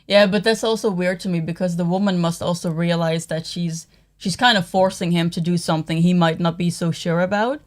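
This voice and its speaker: Soft-spoken woman, low-ish voice. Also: steady tone, brisk. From Netherlands. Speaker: co-host, partner. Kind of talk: casual livestream chat.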